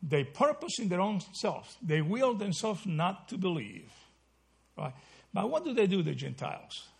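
This man's voice sits high and sounds gravelly and husky; he's very animated yet unhurried. He teaches a Bible study in a conversational sermon style, correcting himself mid-phrase and checking in with "okay?" and "right?"

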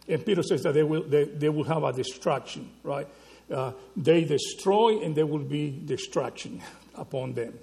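A man preaching a sermon, teaching slowly and emphatically, often checking in with the listeners with a quick question. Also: a little high, creaky, a little mellow, in a large hall. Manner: slow, emphatic teaching with frequent rhetorical "right?" checks.

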